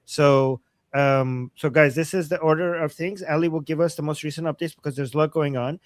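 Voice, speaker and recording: A man's voice: fairly high pitch, steady tone, a little fast, no echo. Chatty man hosting a livestream. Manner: rambling, many restarts and fillers. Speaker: host.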